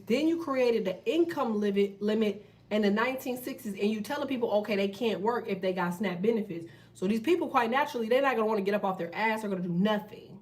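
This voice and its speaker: A woman hosting a tarot channel, talking in a blunt, profane, fast casual rant. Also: fairly high pitch, far from the mic. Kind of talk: casual ranting monologue.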